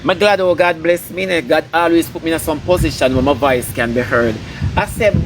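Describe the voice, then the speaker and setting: A man with a Jamaican accent lectures and scolds in a preachy rant, hammering his points home by repeating them. His voice sits a little high for a man. The recording is noisy, with street sounds and passing vehicles clearly heard behind him. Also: normal speed. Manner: scolding, preachy, emphatic repetition. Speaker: entertainer ranting online. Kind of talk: ranting commentary.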